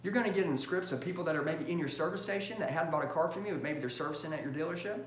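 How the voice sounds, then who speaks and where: A man with a high, bright-edged voice drives a sales training session hard, punching his points and checking in with his audience again and again. He slips into quick acted phone calls along the way. The sound is roomy and echoey, with a faint hum under it.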